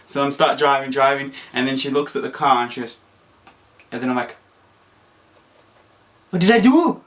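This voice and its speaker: A young Australian man vlogging, telling a story in a casual, animated way and jumping into high squeaky voices when he acts out what people said. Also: brisk.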